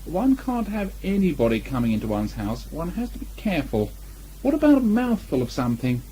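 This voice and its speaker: A man voicing fussy Rabbit, high and prim. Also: wildly swooping pitch, fairly quick, dark tone, slight background noise. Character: fussy cautious male rabbit. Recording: muffled old 1980 tape.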